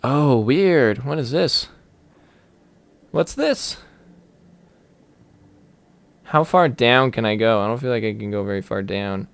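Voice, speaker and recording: A young man commentating his game in a loose, rambling way, giggling and thinking out loud. His voice is smooth and resonant, close on the mic. The sound is dry, with no room around it. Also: mid-range voice, slow, long pauses, dry recording. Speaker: gaming YouTuber. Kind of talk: let's play commentary.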